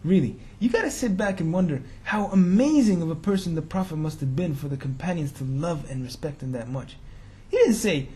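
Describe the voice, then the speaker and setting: A man's voice: fairly high pitch, expressive, a little fast, mellow. A man telling a religious story in a sermon, talking casually and slangily and firing rhetorical questions at his listeners. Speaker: preacher.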